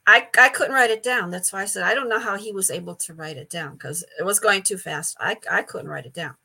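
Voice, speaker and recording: A woman's voice: mid-range voice, a little fast, creaky, sharp tone. An older woman telling stories as a guest in a casual interview, chatty, stumbling over repeated words and laughing often. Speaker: psychic medium guest.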